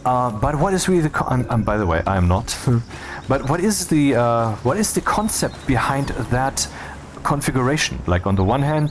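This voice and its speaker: A man's voice: mid-range voice, sing-song, normal speed, a little hiss or hum. A man talking casually over gameplay, rambling and cutting himself off, with wry asides. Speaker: video creator.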